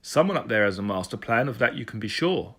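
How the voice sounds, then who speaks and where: A man talks fast and animatedly in a medium-pitched voice that's pushed, bright, slightly rough and heavily acted. He plays a jokey, crude Welsh police sergeant with a Welsh accent, whose manner is blunt and teasing and whose mood is joking.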